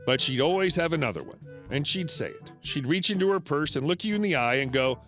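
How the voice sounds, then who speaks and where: A man narrating online stories in a steady, scripted storytelling read. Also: on the high side, brisk. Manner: steady storytelling read with lively swings into quoted characters. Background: faint background music.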